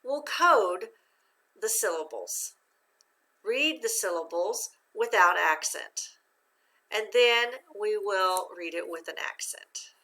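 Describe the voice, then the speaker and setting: A woman leads a phonics lesson at an unhurried, deliberate pace. Her voice is bright and clear, and she walks the listener through each step. She pauses for answers and gives encouraging praise. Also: medium pitch, lively intonation. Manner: slow, patient, encouraging, asks questions and praises. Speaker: reading teacher.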